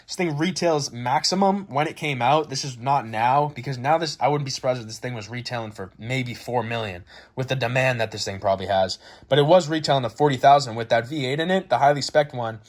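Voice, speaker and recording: A man in his twenties hosting a casual car review vlog, rambling and excitable, swearing freely. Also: mid-range voice, brisk. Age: 20s. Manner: profane, excitable, rambling enthusiasm. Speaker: car channel host.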